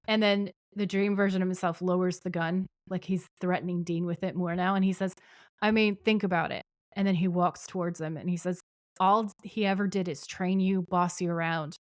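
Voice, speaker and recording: A woman with a lowish voice co-hosts a casual podcast, walking through an episode scene by scene. The sound is dry and close, with no room around her. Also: fairly even intonation, normal speed, no echo. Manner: retells scenes at length, reading out dialogue. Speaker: podcast co-host. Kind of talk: casual chat, recapping a TV episode.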